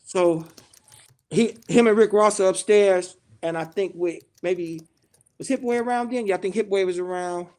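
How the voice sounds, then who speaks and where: A middle-aged man from Chicago, a guest in a podcast studio, telling a story in a loose, animated way and swearing freely. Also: high voice, moderate pace. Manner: animated, acts out quoted dialogue, swears freely. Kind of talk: casual storytelling in a podcast interview.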